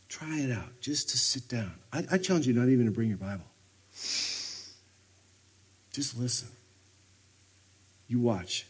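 Guy preaching at a retreat, husky voice, goes loud then drops to almost a whisper. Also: medium pitch, unhurried, long pauses. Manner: animated, swings between loud bursts and hushed near-whispers. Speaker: retreat speaker. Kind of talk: sermon. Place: retreat meeting room.

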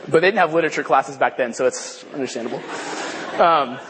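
A man giving a casual Bible lesson, halting and repeating himself with many fillers. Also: a little high, background noise. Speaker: Bible study teacher. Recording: long hall reverb.

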